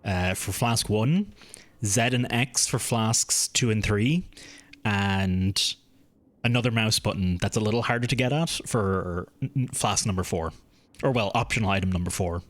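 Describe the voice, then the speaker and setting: A man's voice: on the low side, unhurried. A man with a mild Irish accent, chatting casually and rambling while streaming a game, swearing freely. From Ireland. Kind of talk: casual live-stream chat while gaming.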